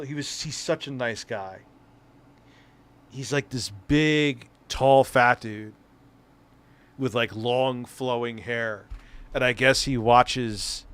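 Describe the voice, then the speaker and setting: A man's voice: mid-range voice, a bit bright, clean tone. A middle-aged man hosting a live stream, reacting to a clip with casual, mocking, profane commentary.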